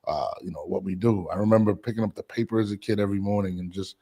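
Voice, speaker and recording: A man's voice: low-pitched, quick pace, warm tone. Man, podcast co-host, casual boxing chat, rambling, restarts. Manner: loose, talkative, with frequent restarts.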